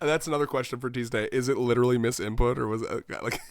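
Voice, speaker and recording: Rambling, animated male co-host, mid-pitched, dry close sound. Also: quick pace, no room sound. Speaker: podcast co-host. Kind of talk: casual chat reviewing a manga chapter.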